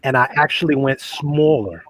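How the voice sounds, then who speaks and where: A man's voice: medium pitch, lively intonation, normal speed, a bit bright. A man co-hosting a casual aquarium chat, joking and laughing often. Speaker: aquarium podcast co-host.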